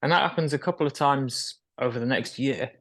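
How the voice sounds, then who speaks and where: This young adult guest has a mid-range, fairly bright voice and a brisk pace. In a candid interview he speaks frankly about his story, laughing nervously at times.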